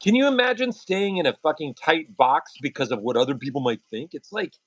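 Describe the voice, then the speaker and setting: Animated, profane male streamer. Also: on the high side, fairly quick, no echo. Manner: profane, animated storytelling with acted-out quotes. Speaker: artist hosting a livestream. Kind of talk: casual chat.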